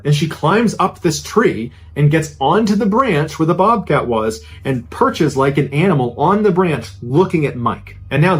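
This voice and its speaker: A man narrating a ghost story in a conversational, suspenseful way, dropping low at tense moments. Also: husky.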